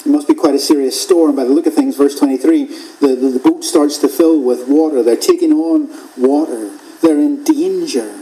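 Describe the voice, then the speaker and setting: Guy preaching in church, mellow warm tone, slow and measured, goes real quiet on the big lines. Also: fairly high pitch, low-quality recording. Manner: measured, repeats phrases for emphasis, drops to a hush at key points. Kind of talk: expository sermon.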